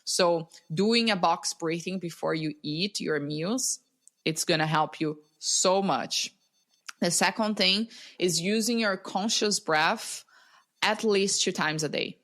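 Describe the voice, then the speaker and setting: A woman who teaches breathwork, a podcast guest explaining simple techniques in a calm, instructive way over a video call. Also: lowish voice, takes it slowly.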